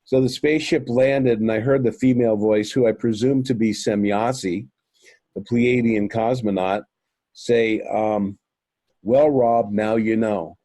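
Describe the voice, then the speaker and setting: A man tells his story as an interview guest, full of ums and restarts, calling his listeners "folks." His voice is mellow and warm. The sound is dry, with no room around it. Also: fairly low pitch, fairly even intonation, unhurried, dry recording. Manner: rambling, many fillers and restarts; earnest, addresses listeners as folks. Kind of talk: recounting a personal experience.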